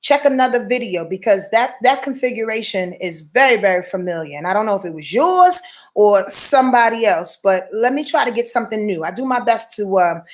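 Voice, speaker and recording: A woman hosting a live astrology stream, talking to viewers in a preachy, slangy, emphatic way and swearing freely. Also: medium pitch. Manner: repeats and restarts words, many filler sounds. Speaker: astrology show host.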